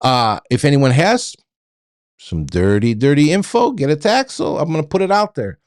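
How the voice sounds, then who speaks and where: A man's voice: fairly high pitch, big pitch swings, normal speed, a little mellow, no echo, clean studio sound. A middle-aged man hosting a trucking show, ranting bluntly at viewers and often stammering and repeating himself. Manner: blunt, repetitive, stammering restarts.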